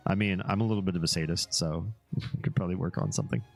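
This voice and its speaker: Deep-voiced, easygoing man streaming live. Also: fairly even intonation, quick pace, vocal fry, faint music behind. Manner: easygoing and rambling, drifting into asides and small laughs. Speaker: livestream host. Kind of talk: casual livestream chat, reacting to a web page and chat.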